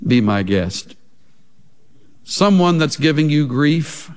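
A man preaching a sermon as a pastor, slow and emphatic, with big swings in pitch and loudness. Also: animated, big-room sound.

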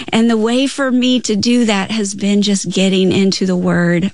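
A woman's voice: mid-range voice, steady tone, normal speed, few pauses, no room sound. A woman guest in an earnest faith talk, telling personal stories and acting out her own prayers. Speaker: guest author.

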